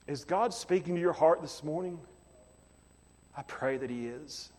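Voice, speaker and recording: A male pastor preaching a sermon, repeating phrases and building to shouts. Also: fairly high pitch, a little slow, in a large hall.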